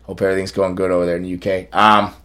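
A man's voice: low-pitched, level tone, rapid-fire, a bit bright. A man hosting a podcast, telling stories in a rambling, casual way with many restarts and laughs. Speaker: podcast host. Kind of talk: casual storytelling chat.

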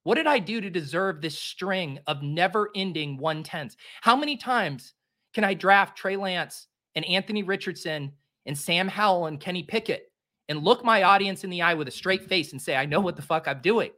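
A man in his late twenties from the Boston area hosts a casual show and narrates as he goes. His tone is bright and edged, pitched a little above the usual, and he drifts from loose, joking asides into mock-despairing outbursts. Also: lively intonation, normal speed. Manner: theatrical self-pitying rants; rambling and joking. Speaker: podcast host. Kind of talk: live-drafting commentary, casual chat.

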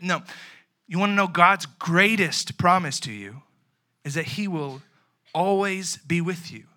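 Bright-voiced young man preaching. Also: high voice, normal speed. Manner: animated, conversational preaching with slang and acted-out asides. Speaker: youth pastor. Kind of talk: sermon.

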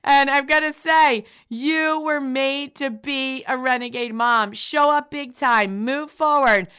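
A woman's voice: sits high, steady tone, slow pace, bright, forceful tone. A middle-aged woman hosting a radio show, delivering an upbeat, emphatic motivational talk.

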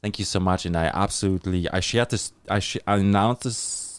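A man's voice: deep voice, brisk, clean tone, no room sound. German-accented man hosting a live podcast. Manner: upbeat, hypes guests and sponsors. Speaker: podcast host. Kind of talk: live podcast chat and read ads.

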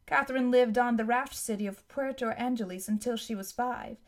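A woman's voice: fairly high pitch, fairly quick, close to an everyday voice. Middle-aged male explorer, genial, kindly, teasing, woman reader putting him on, audiobook.

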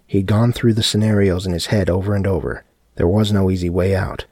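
A man narrating a dark horror story in a steady audiobook reading. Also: low voice, fairly quick, slightly rough, no room sound, studio quality.

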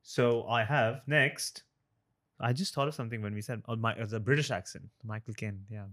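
A young man chatting casually, prompting his partner and telling quick stories. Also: lowish voice, a bit bright. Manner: quick, chatty, prompts the other speaker, quick laughs. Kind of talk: casual chat.

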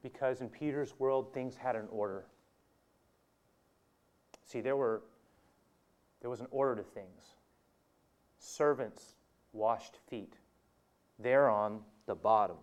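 A man's voice: mid-range voice, slow pace, pauses often. A male preacher giving a conversational sermon, telling the story with animation, chuckling and speaking straight to his listeners.

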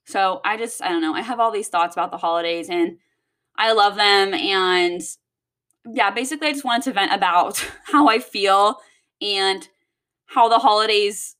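Young woman vlogger, bright and sharp tone, rambling casual venting full of cussing. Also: mid-range voice, normal speed. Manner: rambling and heavy on swearing.

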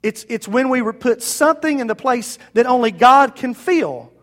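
A man's voice: very high-pitched, lively intonation, normal speed, fairly bright tone. A man preaching a sermon as pastor, talking to the congregation in a conversational, emphatic way and appealing to them directly.

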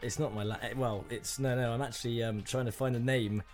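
A man co-hosting a podcast, bantering in quick, jokey casual chat. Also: mid-range voice, fairly even intonation, darkish tone, soft background music. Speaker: podcast co-host.

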